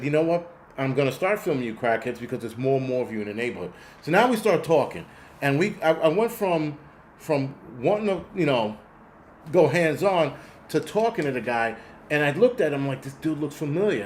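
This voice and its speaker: This is a casual chat stream where the male host, medium-pitched and with slight background noise, wanders through a profane street story packed with fillers. Viewer donations get answered right in the middle of it.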